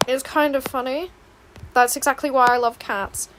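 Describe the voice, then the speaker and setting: Young woman streamer, high voice, rambling casual chat, faint room hum behind. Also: steady tone, moderate pace, a bit bright. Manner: rambling, chatty, laughing asides. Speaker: streamer and artist. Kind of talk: casual chat while drawing. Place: home room, indoors.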